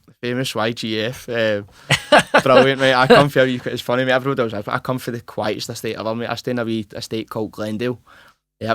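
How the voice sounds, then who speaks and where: This casual interview features a twenty-something pro boxer from Glasgow, Scotland, talking rapidly and earnestly. He restarts constantly, peppers his speech with "mate," and holds a narrow, level pitch. The sound is close and dry, with no room sound.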